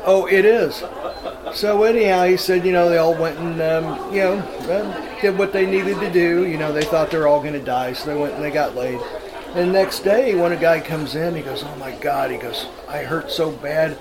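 A man's voice: on the high side, moderate pace, crowd noise. A man casually telling a rambling story on a podcast, full of fillers. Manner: rambling, with many fillers and laughs.

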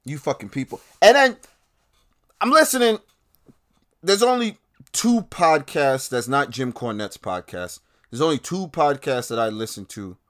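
A man hosting a podcast, delivering a casual, heated rant full of swearing and sarcasm. His voice sits at an ordinary middle pitch for a man. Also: sing-song, moderate pace. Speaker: podcast host. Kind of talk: casual ranting commentary.

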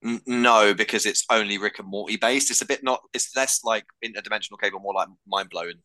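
A man's voice: on the low side, fast talker, sharp tone, no room sound. A man co-hosting a podcast, chatting casually with brief, laid-back answers. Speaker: podcast co-host. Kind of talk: casual chat.

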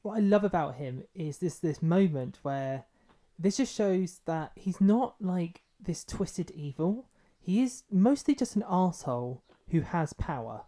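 A man's voice: sits high, lively intonation, a little slow, dark tone. A man co-hosting a book podcast, talking casually and loosely, with frequent restarts and fillers. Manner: loose, hesitant phrasing with many restarts. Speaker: podcast co-host.

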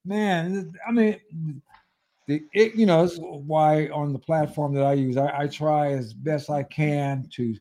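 A male podcast host makes his case in an emphatic, preachy, conversational way. His voice sits somewhat high for a man, and he keeps a casual back-and-forth going with his guest. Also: unhurried, dark tone.

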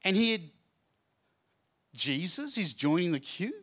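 A man giving a lively Bible talk to a live group, chatty and jokey, acting out the scenes as he goes. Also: sits high, takes it slowly. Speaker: speaker at a student Bible training night. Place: room with a live audience.

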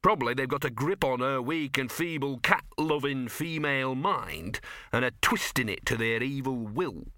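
A man's voice: medium pitch, animated, moderate pace, pushed and bright, slight background noise, voice pushed up. A man voicing a scruffy little talking dog who grumbles, sulks and talks smugly. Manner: grumbling, smug, self-pitying.

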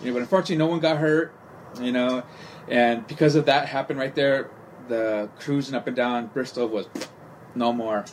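A man's voice: mid-range voice, fairly even intonation, moderate pace, slight background noise. A middle-aged man from California telling a long anecdote in a casual podcast chat, rambling and profane with constant "you know" fillers.

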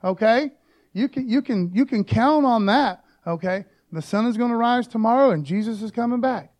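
His voice is extremely high in pitch with a darkish tone. This pastor keeps his sermon light and joking, dropping frequent quick rhetorical asides and sprinkling in "man" and "okay?".

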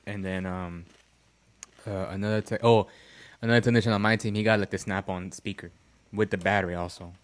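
A man with a somewhat low voice rambles through a casual podcast conversation. His talk wanders, packed with "like" fillers and frequent profanity. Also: fairly even intonation, a little fast. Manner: rambling, heavy use of "like" and profanity. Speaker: podcast co-host. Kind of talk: casual chat.

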